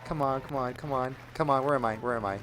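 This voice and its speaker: An excitable young man rambles through a casual gaming vlog, piling on fillers and restarting his sentences. His voice sits at an ordinary pitch, and a faint hum runs under the recording. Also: quick pace, a faint crowd. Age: young adult. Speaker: gaming YouTuber.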